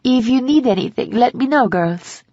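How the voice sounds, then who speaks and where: A woman's voice: on the high side, lively intonation, moderate pace, mellow, no room sound, highs cut off, voice pushed up. A woman doing a cheerful French housekeeper. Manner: enthusiastic, motherly.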